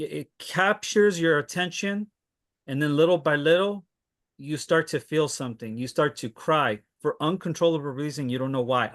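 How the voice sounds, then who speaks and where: A man talks through his favorite albums in a loose, casual way, pausing often with fillers and restarting his sentences. His delivery is slow and his tone is bright. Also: medium pitch. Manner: unhurried, hesitant with many fillers and restarts. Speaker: music recommender on a panel. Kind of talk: casual chat.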